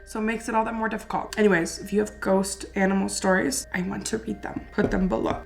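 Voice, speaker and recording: A woman's voice: medium pitch, level tone, fast talker, gravelly, few pauses, soft background music. Chatty spooked woman reacting to clips. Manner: chatty, jumpy, easily spooked. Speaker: host reacting to videos. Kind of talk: casual reaction commentary.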